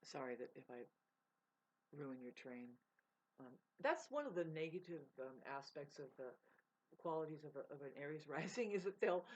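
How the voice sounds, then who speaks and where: A woman's voice: deep voice, sing-song, normal speed, a little mellow. A woman vlogging in a rambling, profane casual monologue, laughing mid-sentence. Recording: dull lo-fi sound.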